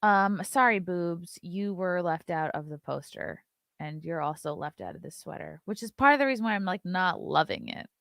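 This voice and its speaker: Gravelly low-voiced woman hosting a stream. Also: animated, moderate pace, fairly bright tone, no room sound, clean studio sound. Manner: chatty and loose, reads viewer chat aloud and swears casually. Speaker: live-stream show host. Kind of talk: casual live-stream chat.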